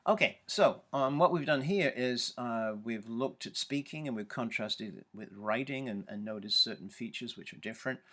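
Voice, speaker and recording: A man's voice: medium pitch, moderate pace, few pauses, sharp tone. A man giving a university lecture, hesitant and full of ums and uhs. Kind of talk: recorded lecture.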